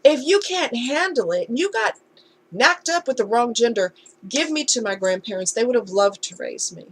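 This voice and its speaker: A woman's voice: on the high side, lively intonation, normal speed, slight background noise. A woman talking candidly in a casual storytime vlog, conversational and heartfelt. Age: adult. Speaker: vlogger.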